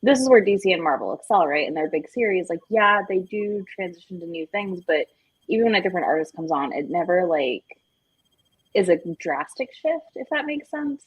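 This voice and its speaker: Woman, husky, lively pitch, explains with lots of "like", casual book chat. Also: brisk, dry recording, poor audio. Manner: explains with many "like"s. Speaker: book club panelist. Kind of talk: casual live book discussion.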